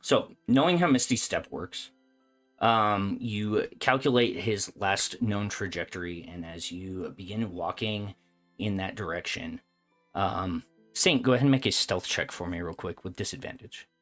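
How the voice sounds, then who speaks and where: A woman's voice: very deep voice, measured pace, soft background music. A woman narrating as game master of a tabletop game, speaking casually with many fillers.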